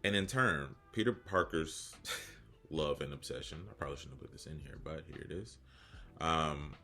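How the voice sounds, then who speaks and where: A man's voice: extremely low pitch, bright, forceful tone. A man in his thirties hosting a casual video essay, rambling into joking, self-deprecating asides. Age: 30s.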